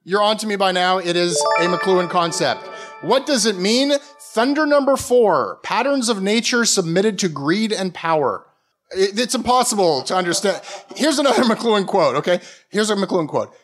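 A Canadian man giving a mock-academic comic talk in a sardonic, animated way. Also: high voice, normal speed, soft background music. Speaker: comedic lecturer. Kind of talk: stand-up style comic talk.

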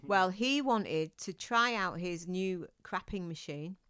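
A woman with a smooth, clear voice co-hosts a casual family podcast. She tells her facts as loose, rambling stories, full of restarts and fillers. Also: lowish voice, slow pace, fairly bright tone. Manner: chatty, rambling storyteller with many restarts. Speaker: podcast co-host.

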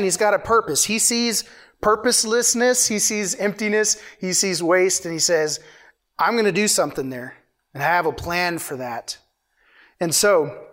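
A man's voice: fairly high pitch, fairly bright tone. Casual, talkative male preacher. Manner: conversational, reads scripture aloud, playful asides. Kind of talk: informal sermon.

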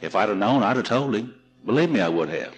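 A man's voice: fairly low pitch, expressive, quick pace, lo-fi sound, soft background music. A man telling self-mocking stories to a seminar audience from a podium, in an archival recording. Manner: folksy, self-mocking storyteller. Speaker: seminar speaker. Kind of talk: storytelling talk at a recovery seminar.

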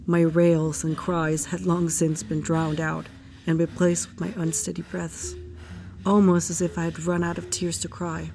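A woman narrating in the first person for an audio drama, in a hushed, grief-stricken retelling. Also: lowish voice. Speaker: narrator recounting a case file.

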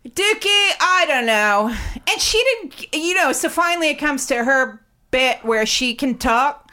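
A woman with a bright, sharp, somewhat high voice delivers a razor-edged comedic rant. She swears freely and talks fast, quoting and mocking the people she is complaining about. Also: expressive. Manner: sharp, profane, fast-talking ranting. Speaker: comedy guest telling a story. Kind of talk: ranting comedic monologue.

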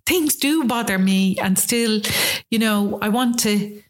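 A woman's voice: medium pitch, slow. An Irish woman of about sixty telling stories in casual conversation, with a chatty anecdotal manner and frequent restarts. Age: around 60. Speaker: guest.

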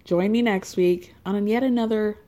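A woman hosting a podcast who recaps events in a gossipy, animated way and laughs often. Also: medium pitch, moderate pace. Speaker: podcast host. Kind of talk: casual recap monologue.

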